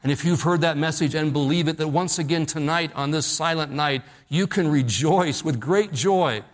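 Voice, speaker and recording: Middle-aged guy preaching a night church sermon, kinda high voice, slows way down on the big lines. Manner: slows and drops low on key phrases. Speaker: pastor.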